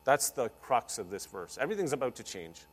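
A man preaches with energy and a playful streak, pushing his voice loud and then dropping it low. His pitch sits mid-range for a man. A long reverb trails his words through a church hall. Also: a little fast, slightly rough. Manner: energetic, playful, varies loudness a lot. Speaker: pastor. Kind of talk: sermon.

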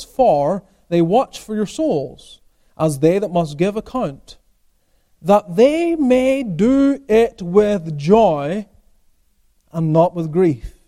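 A pastor preaching a sermon, asking rhetorical questions and answering them, swinging from emphatic peaks to quiet asides. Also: male voice, high-pitched, animated, slow pace.

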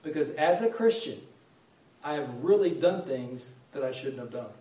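A man's voice: medium pitch, lively intonation, moderate pace, warm tone. A middle-aged man preaching a sermon, earnest and conversational, repeating key phrases for emphasis. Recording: echoey room, voice from far off.

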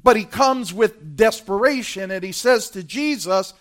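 A man preaching a sermon, speaking straight to the congregation with impassioned delivery that swells from hushed to loud. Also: sits high, lively intonation, unhurried. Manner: addresses the congregation directly, who answer back.

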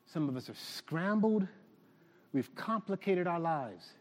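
A man preaching a sermon to his church, animated and shouting at the peaks. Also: a little high, a little slow, big-room sound. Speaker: pastor.

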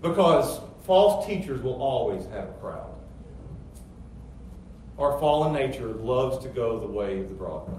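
A middle-aged pastor preaching a sermon with emphatic, rising rhetorical questions. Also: male voice, mid-range voice, a little slow, pauses often, darkish tone. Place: church sanctuary. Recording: very echoey church hall, distant mic, faint noise.

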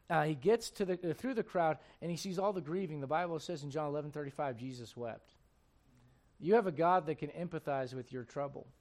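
A man preaching a sermon, chatty and repetitive with asides to the listeners, swinging from hushed tender passages to loud shouting bursts. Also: a little high. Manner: repeats words, folksy asides to the congregation.

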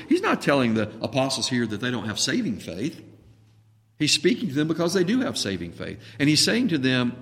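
Impassioned preacher in a reverberant hall. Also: male voice. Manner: impassioned, swings between hushed and booming when voicing Jesus. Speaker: pastor. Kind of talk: sermon.

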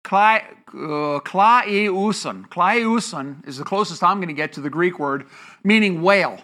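In a church before a congregation, a pastor with a medium-pitched, sharp voice teaches a sermon at an unhurried pace. He poses rhetorical questions, answers them, and stretches key words for emphasis.

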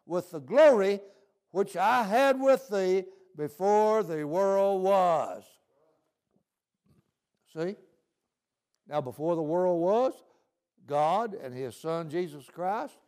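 A man's voice: high-pitched, a little mellow. A male preacher delivering a folksy sermon, often asking "See?".

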